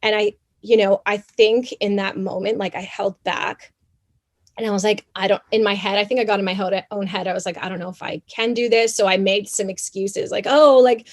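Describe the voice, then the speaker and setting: A young woman from Canada talks as a podcast guest. She tells her story in a lively, chatty way, with plenty of fillers. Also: medium pitch, normal speed. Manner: animated, chatty, many fillers. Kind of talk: casual interview storytelling.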